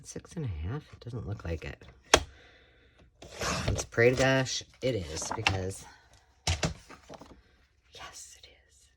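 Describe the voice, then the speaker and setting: A middle-aged American woman with a slightly hoarse voice, chatting casually while making a craft project. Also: very deep voice, lively intonation, a little slow, pauses often, heavy background noise. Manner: chatty, rambling, self-talk while working. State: slightly hoarse, frog in throat. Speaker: crafting tutorial host. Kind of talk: casual craft tutorial chat.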